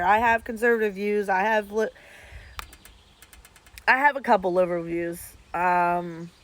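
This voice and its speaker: Blunt, profane woman streamer. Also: medium pitch. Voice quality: blunt and profane, talks straight at viewers. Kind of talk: casual chat.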